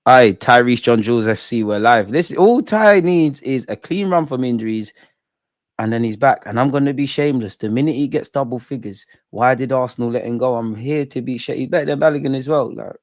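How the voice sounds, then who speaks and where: A young man reacts live to a football match, cracking jokes in thick slang and shouting out his chat. His voice sits in an ordinary middle pitch. The sound is dry and close, with no room echo. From England. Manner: excitable, jokey, slangy, talks to chat. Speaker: football watch-along streamer. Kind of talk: live match watch-along banter.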